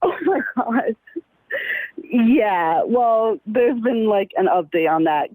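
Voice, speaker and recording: A young nanny from upstate New York calls in, hesitant and quick to laugh. Her slightly high voice jumps around, and the sound is dry and close. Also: animated, mellow, no echo, rough recording. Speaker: nanny, caller. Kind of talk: phone-in chat.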